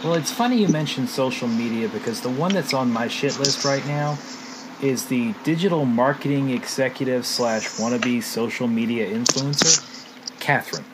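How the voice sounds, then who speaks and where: A man's voice: medium pitch, moderate pace, very noisy. A man co-hosting a podcast in casual chat, ranting with exasperated complaints. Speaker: podcast co-host.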